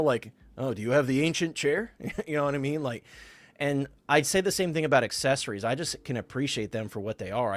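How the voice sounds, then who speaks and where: A man talking on a live stream in a loose, enthusiastic way. His voice sits at an ordinary middle pitch for a man. He rambles, circles back with "like" and "you know", and answers viewers by name as he goes. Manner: enthusiastic, rambling, many fillers and restarts; reads out and answers viewer comments. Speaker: livestream co-host. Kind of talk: casual live-stream chat.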